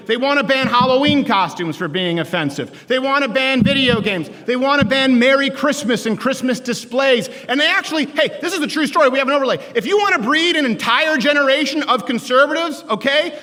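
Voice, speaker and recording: A man from Canada delivers a comedic political talk to students. His voice sits high and bright for a man, and he is animated and joking, breaking into shouts. Long hall reverb follows every line. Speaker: speaker addressing college students.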